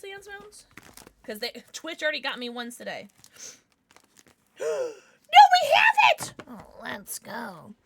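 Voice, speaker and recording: A young woman with a very high-pitched, sharp voice livestreams from home in casual chat. She is bubbly and gushes over gifts and viewers, swinging quickly between squeals and mumbles.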